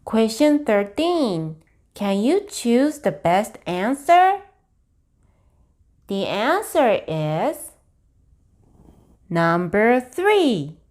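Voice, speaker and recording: Japanese accented woman teaching a lesson, super slow and careful, voice bouncing up and down. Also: a little high, big pitch swings, a little mellow. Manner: very slow and deliberate, spelling out sentences piece by piece. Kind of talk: slow, clear online language lesson.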